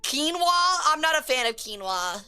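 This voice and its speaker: A woman's voice: on the high side, expressive, normal speed, bright, forceful tone, smooth, faint music behind. A woman streamer chatting casually with her viewers, joking crudely and rambling in a chaotic way. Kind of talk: casual live-stream chat.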